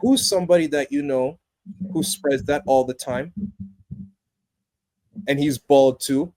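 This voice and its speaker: A young man on a casual podcast with a somewhat high-pitched voice. He talks with animated passion, bursting loud when excited and dropping low and earnest when he makes a point. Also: unhurried. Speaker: podcast co-host. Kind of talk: casual movie review chat.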